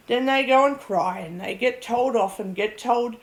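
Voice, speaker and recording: A woman's voice: on the high side, normal speed, hardly any pauses, rough recording. A woman venting to camera about a bad illness, blunt and swearing, laughing at her own ordeal as she rambles. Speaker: vlogger. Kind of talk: rambling personal vent.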